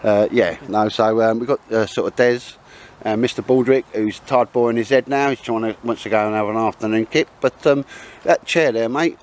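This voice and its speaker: A man's voice: mid-range voice, normal speed. A man hosting, in a rambling, matey casual chat outdoors in the woods. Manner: rambling and matey, always saying mate and sir. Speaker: host.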